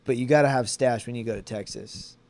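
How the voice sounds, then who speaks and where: A man's voice: mid-range voice, fairly quick, a little mellow. A man co-hosting a casual comedy podcast, tipsy and rowdy, joking around with his friend. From Arizona. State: tipsy after a few beers. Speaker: podcast co-host.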